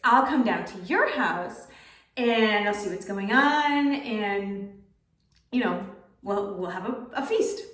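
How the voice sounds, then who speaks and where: A woman voicing a wise, playful old male spiritual master in a lilting, genial way that dips low. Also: animated, slow, a bit bright. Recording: roomy, distant mic.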